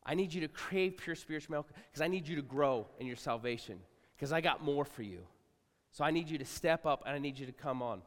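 A middle-aged male pastor preaching to a congregation, talking casually and swinging from quiet asides to loud outbursts. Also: a little high, expressive, brisk. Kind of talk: sermon. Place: large church hall. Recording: live sermon with long hall reverb.

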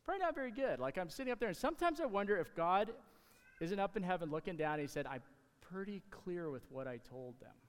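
Male pastor, casual sermon, somewhat high voice, halting restarts, long hall reverb. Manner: conversational, halting with restarts and fillers. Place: church sanctuary.

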